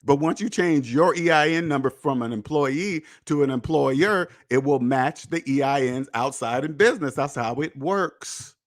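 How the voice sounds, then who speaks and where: A man hosting a personal finance podcast in an emphatic, preachy monologue, repeating points and swearing, swinging between loud jabs and low muttered asides. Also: moderate pace, few pauses. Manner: emphatic, preachy, repetitive, with profanity. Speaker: podcast host.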